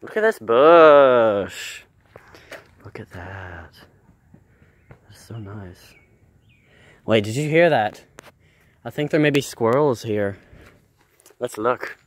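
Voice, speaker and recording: Hushed deadpan man narrating nature. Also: lowish voice, slow pace, pauses often. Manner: hushed, deadpan, mock-awed. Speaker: vlog host and cameraman. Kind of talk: mock nature-documentary narration. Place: outdoors around his house. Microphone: handheld camera he is filming with.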